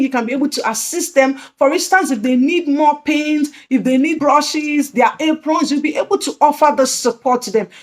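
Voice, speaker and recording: High voiced woman explaining teaching tips on her channel, earnest, keeps repeating things. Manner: earnest, repetitive, emphatic restatements. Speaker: early childhood education channel host. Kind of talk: instructional video talk.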